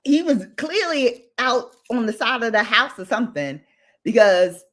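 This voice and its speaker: A woman co-hosting a casual livestream chat, telling a story in an animated way and acting out the quotes. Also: fairly high pitch, a little slow. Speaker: livestream co-host.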